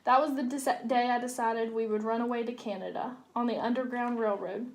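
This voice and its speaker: A woman voicing a kind, gentle grown man fleeing with his family, in a read-aloud storybook. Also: fairly high pitch, fairly even intonation, fairly quick, lightly acted. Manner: gentle reassuring.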